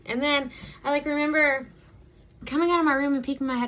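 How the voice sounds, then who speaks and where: A woman's voice: sits high, fairly even intonation, fast, long pauses, fairly bright tone. A woman vlogger telling a candid personal story while doing her makeup, rambling with lots of "um" and "like". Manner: rambling, frequent fillers like "um" and "like".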